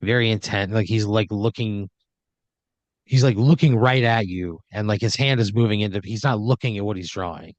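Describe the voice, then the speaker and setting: A man's voice: fairly low pitch, normal speed, no echo, muffled recording. A man hosting an improv podcast, narrating a scene in second person with a loose, rambling manner full of "like" and "you know.". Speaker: host running the improv story.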